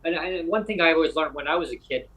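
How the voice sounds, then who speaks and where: A man from Canada hosting a casual podcast conversation, talking in an animated, rambling way with frequent restarts. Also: fairly high pitch, quick pace, poor audio. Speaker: podcast host.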